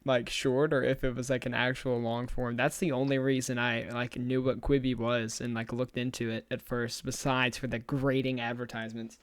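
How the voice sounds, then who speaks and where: A young man sits close to the microphone in a dry, quiet space and tells a rambling story for the podcast. His voice is smooth and clean, in a middle register, and laughter keeps breaking into his lines. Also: medium pitch, little pitch movement, normal speed, hardly any pauses, no echo. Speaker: podcast co-host. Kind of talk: casual podcast chat.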